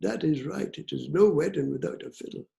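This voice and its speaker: A man's voice: fairly high pitch, fairly quick, gravelly, mellow. Older man voicing an earnest kindly fiddler. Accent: Scottish. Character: kindly fiddler man, eager and plain-spoken.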